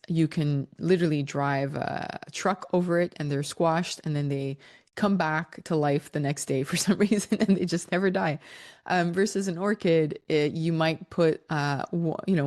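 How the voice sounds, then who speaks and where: Low-voiced woman explaining child development. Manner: warm, animated, laughs between points. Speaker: parenting educator.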